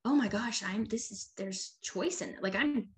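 A woman's voice: medium pitch, normal speed. Woman in her 30s, chatty guest, lots of "like", plain mid-range voice. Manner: chatty, many "like" fillers, acts out quoted voices. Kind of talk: casual conversation.

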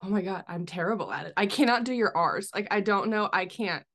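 A woman's voice: medium pitch, lively intonation, brisk, a bit bright. Giggly, rambling woman guest. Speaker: podcast guest. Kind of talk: casual podcast chat.

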